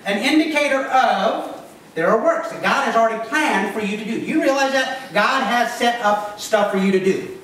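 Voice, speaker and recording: Pastor guy chatting through his sermon, kinda high voice, lots of hiss and room echo. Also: fairly bright tone. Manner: conversational, joking asides to the congregation. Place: church sanctuary. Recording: echoey room, voice from far off, noisy.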